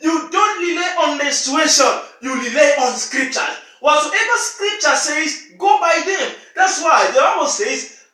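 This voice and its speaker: Emphatic male preacher, bright forceful tone, off-mic in a roomy echoing space. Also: extremely high pitch, expressive, a little slow, distant mic. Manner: often shouts, emphatic and repetitive. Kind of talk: sermon. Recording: echoey room, speaker off-mic.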